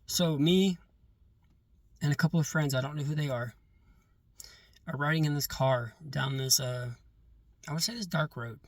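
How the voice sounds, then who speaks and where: A man casually telling a long story about a dream, halting and repeating words as he gets caught up in it. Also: a little high, dry recording. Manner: halting, repeats words and restarts when excited. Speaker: vlogger recounting dreams.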